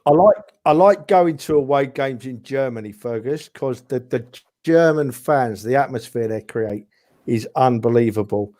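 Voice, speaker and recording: A man telling football stories in a casual podcast chat, animated and full of asides, often calling his friends mate. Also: medium pitch, moderate pace. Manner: animated storyteller, says "mate" and "right?" a lot. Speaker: podcast regular.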